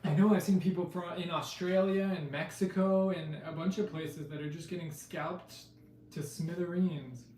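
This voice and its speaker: Speaking at a normal pace with fairly even intonation, a man with a slightly mellow, highish voice hosts a casual live stream while opening trading card packs. He chats with viewers and reads card names aloud, picked up by a roomy, distant mic with faint noise.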